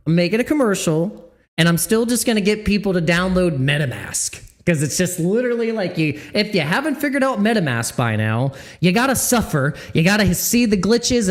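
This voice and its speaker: Animated sarcastic man ranting. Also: high voice. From Mississippi. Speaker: crypto vlogger. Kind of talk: casual ranting commentary.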